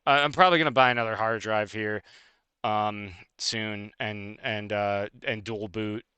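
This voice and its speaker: Male streamer, bright and crisp, rapid profane rant, dry close sound. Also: lowish voice, fairly even intonation, no room sound. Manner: fast, profane, heated and laughing. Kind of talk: casual live-stream rant.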